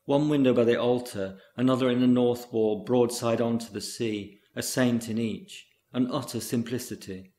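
A man reading a literary short story aloud in a measured, unhurried way. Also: medium pitch, steady tone, mellow, echoey room. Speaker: reader.

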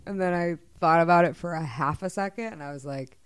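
A woman playwright in her thirties, appearing as a guest in a casual interview, tells stories animatedly, laughing often and swearing now and then. Her voice is fairly low, smooth and a little fast, with no room sound.

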